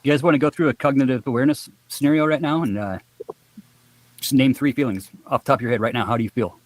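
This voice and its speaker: A man on a live stream panel calmly trying to mediate with questions. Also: mid-range voice, fast talker, no room sound, low-quality recording. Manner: calm, mediating, asks questions. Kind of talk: casual live stream chat.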